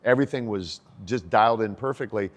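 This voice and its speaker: This is a man in his sixties with a fairly low voice, talking about fitness on a podcast. He sounds energetic and motivational, and the recording has a long, hall-like reverb. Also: fairly quick. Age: 60s. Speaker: podcast guest, fitness coach. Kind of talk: casual podcast conversation.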